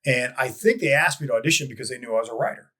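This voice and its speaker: A man telling stories as a guest in a casual interview, rambling with frequent restarts and lively quoted voices. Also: mid-range voice, very fast, slightly rough. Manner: rambling with many restarts, animated quoting. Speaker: guest, advertising copywriter. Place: lives in Dallas.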